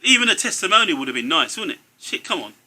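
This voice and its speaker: A man's voice: sits high, big pitch swings, fast, sharp tone. A middle-aged man, a father ranting about football in casual banter, tacking "mate" onto nearly every phrase. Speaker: co-host, father.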